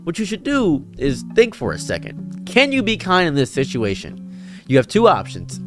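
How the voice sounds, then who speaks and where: A man's voice: a little high, wildly swooping pitch, moderate pace. A man telling personal stories in an earnest, preachy monologue about kindness. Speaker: streamer and commentary creator. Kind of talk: reflective storytelling monologue. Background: faint guitar music.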